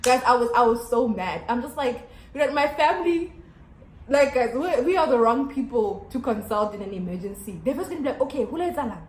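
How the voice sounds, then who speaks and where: A young South African woman telling a storytime vlog to her camera at home, chatty and animated with lots of fillers and restarts. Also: on the high side, brisk. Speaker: YouTuber. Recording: echoey room.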